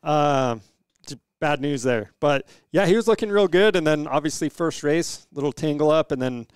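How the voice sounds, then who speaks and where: A man's voice: a little high, moderate pace, clear, resonant tone, no echo, clean studio sound. Laid-back man in casual racing chat. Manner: laid-back, brief agreeing replies. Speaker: racing show co-host.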